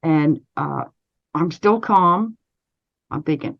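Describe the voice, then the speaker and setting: A Canadian woman, an interview guest, recounting a personal story in a measured, steady way with frequent restarts. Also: deep voice, dull audio.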